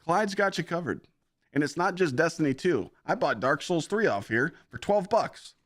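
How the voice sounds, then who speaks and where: A man putting on the voice of an overexcited male sales pitchman, exclamatory and salesy. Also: expressive, moderate pace, a bit bright. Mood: hyped salesy.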